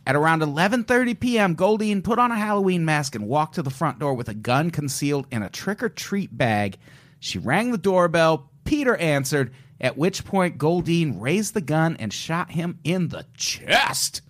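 A man co-hosting a podcast, retelling a crime case in a casual, joking way with quick asides. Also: a little high, very animated, fairly bright tone. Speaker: podcast co-host. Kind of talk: casual true-crime chat.

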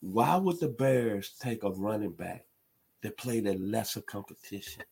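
A man from Memphis delivers an emphatic sports commentary monologue. His voice is husky and sits a little low. He hammers his points home with rising intensity. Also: animated, measured pace, a little mellow. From Memphis, Tennessee. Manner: emphatic, builds to impassioned outbursts.

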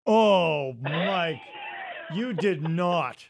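A man's voice: high-pitched, lively intonation, drawn-out words, vocal fry. A man hosting a podcast interview, asking questions and reacting with laughs. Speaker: podcast host. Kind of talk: casual interview.

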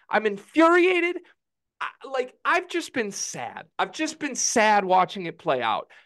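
A man's voice: a bit bright, no echo. Fired-up man ranting on a podcast. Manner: heated, ranting, voice climbing high when angry; quick explanatory delivery. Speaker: podcast co-host. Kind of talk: college basketball podcast rant.

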